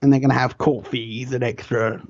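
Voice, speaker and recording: A man's voice: mid-range voice, little pitch movement, moderate pace, no room sound, lo-fi sound. A man co-hosting a casual podcast chat, trading jokes and mock threats in banter. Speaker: podcast co-host.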